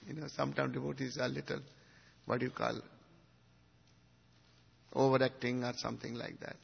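Husky man giving a devotional lecture. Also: mid-range voice. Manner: swings from hushed to emphatic, asks the audience questions. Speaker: spiritual teacher. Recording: dull recording in a reverberant hall.

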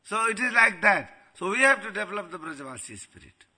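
A man giving a devotional storytelling talk as a spiritual teacher, animated and often laughing. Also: high voice, fairly quick, breathy edge.

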